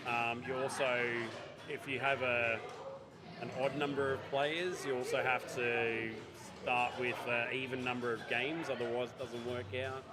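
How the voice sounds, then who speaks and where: A man gives relaxed live commentary at a pinball club, chatty and full of small hesitations. His voice sits at an average pitch for a man. Loud music plays behind him. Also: measured pace. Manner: chatty, hesitant with frequent ums. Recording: music playing loudly behind.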